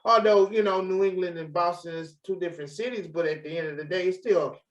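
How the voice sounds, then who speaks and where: A man's voice: high-pitched, fast. A man co-hosting a podcast, chatting loosely with many restarts. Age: adult parent. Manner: laid-back, rambling, frequent restarts. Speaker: podcast co-host. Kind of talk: casual chat. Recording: echoey, distant, muffled mic.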